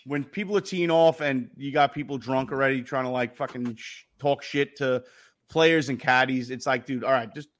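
A man co-hosting a sports podcast, telling profane, animated stories in casual chat. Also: mid-range voice, normal speed. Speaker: podcast co-host.

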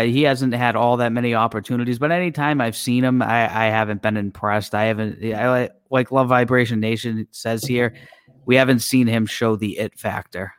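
A man's voice: medium pitch, a bit bright, smooth, no echo, studio quality. A man co-hosting a sports podcast, agreeing and giving plain opinions in casual chat. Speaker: podcast co-host.

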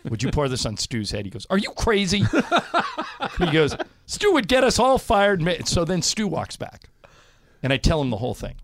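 A man's voice: mid-range voice, gravelly, no room sound, studio quality. A man hosting a radio show, telling stories in casual banter, laughing often and acting out what people said. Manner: animated storyteller, laughs often, acts out quotes.

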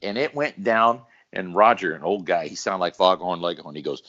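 Low-voiced, animated male storyteller in a casual podcast, muffled lo-fi sound. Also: moderate pace. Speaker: guest storyteller.

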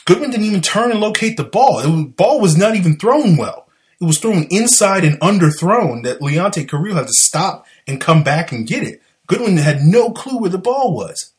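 A high-pitched man with a Southern US accent hosts a casual sports talk show, breaking down football plays in an animated, exasperated, argumentative way.

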